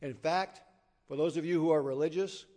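Emphatic evangelist preacher, dramatic swings. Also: male voice, on the high side, moderate pace. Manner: emphatic, with big swings from loud to hushed. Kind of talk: sermon.

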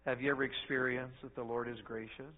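A middle-aged man, preaching a sermon in a folksy storytelling way that swings between loud and soft. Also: mid-range voice, flat delivery, a little fast. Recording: phone-like narrow sound.

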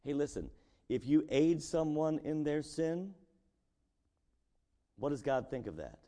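A man's voice: on the high side, animated, a little slow, dark tone. A man preaching a sermon as pastor, talking casually and asking his congregation rhetorical questions. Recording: long echo of a large hall.

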